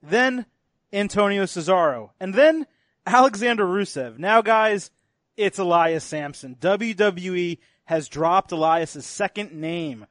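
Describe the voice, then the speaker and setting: A man hosting a casual podcast, announcing segments upbeat and tossing quick questions to the others. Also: high-pitched, expressive, fairly bright tone, no echo, studio quality. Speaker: podcast host running segments. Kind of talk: casual wrestling podcast chat.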